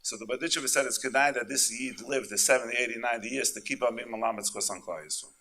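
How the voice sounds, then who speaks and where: A man delivers an impassioned sermon, his voice strikingly bright and tense. He swings from loud, fervent peaks to low, confiding asides, sprinkling in Yiddish and Hebrew terms. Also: fast. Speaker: speaker at a conference.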